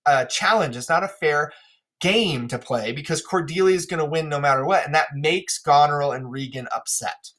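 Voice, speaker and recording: A man's voice: on the high side, moderate pace, fairly bright tone. A male teacher walking a class through a play, talking casually and often checking in with "right?".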